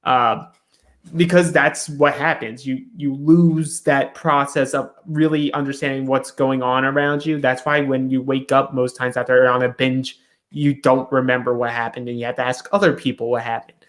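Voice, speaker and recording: A man's voice: mid-range voice, little pitch movement, moderate pace, a bit bright. A man co-hosting a reality show recap in a casual chat, retelling scenes and briefly acting out the cast's lines.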